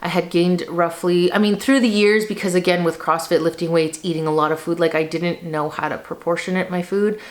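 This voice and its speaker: A woman's voice: lowish voice, fairly even intonation, brisk, hardly any pauses. A woman in her thirties telling her personal story to camera in a casual, rambling way, full of fillers. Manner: chatty, rambling with many fillers, tearful at moments. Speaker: lifestyle vlogger.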